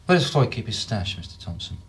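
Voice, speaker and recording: A sardonic police detective in a TV crime drama, questioning with dry jabs. His voice is low and husky, and it rises and falls a lot. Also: sing-song, brisk, exaggerated voice. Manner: sardonic, probing. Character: probing, sardonic male detective.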